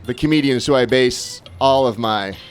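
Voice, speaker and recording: A man's voice: medium pitch, normal speed, faint music behind. A man co-hosting a casual livestream from an indoor studio, chatting and reading viewer comments aloud. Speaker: livestream co-host. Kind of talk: casual livestream chat with auction.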